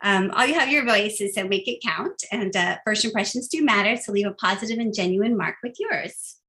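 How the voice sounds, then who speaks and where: An upbeat woman leads a training session in a chatty, casual way, filling her talk with little pauses and fillers. Her pitch sits in an ordinary middle range for a woman. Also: expressive, pushed and bright.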